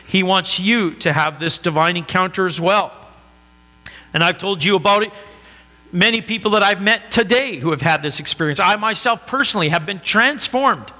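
A man's voice: a little high, moderate pace, bright, forceful tone, big-room sound. A man preaching a sermon as a pastor, in an earnest, conversational way.

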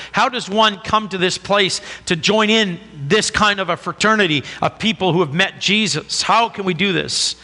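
A man's voice: sits high, bright, forceful tone, big-room sound. A man preaching a sermon as a pastor, in an earnest, conversational way.

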